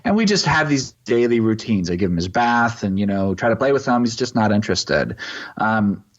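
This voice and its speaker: A middle-aged man from East Texas, a pastor, telling a personal story in an interview with halting, reflective pauses and restarts. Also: lowish voice, very animated. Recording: slightly muffled lo-fi audio.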